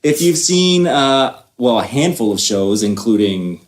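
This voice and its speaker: A man's voice: medium pitch, big pitch swings, a little slow. A man co-hosting an interview, enthusiastic and often hesitating with ums, in a hotel lobby. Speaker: podcast co-host. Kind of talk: casual interview. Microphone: field recorder.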